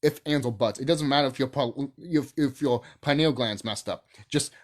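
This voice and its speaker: In a mid-range voice at a moderate pace, a channel host delivers an unscripted, heated rant to camera. The language is profane, and sentences frequently restart partway through a thought.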